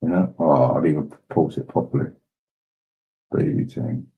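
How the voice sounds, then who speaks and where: A man's voice: rumbling low, normal speed, narrow, tinny audio, slight background noise. A man chatting casually as host while reacting to videos, laughing and swearing along. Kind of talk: casual commentary.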